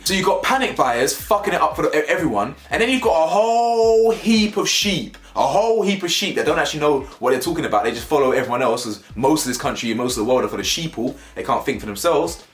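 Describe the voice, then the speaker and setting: A man's voice: fairly high pitch, a bit bright. A young man with a London accent, ranting to camera in a rambling, slangy, emphatic way and repeating his points. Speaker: vlogger. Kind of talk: opinionated rant to camera. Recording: echoey room.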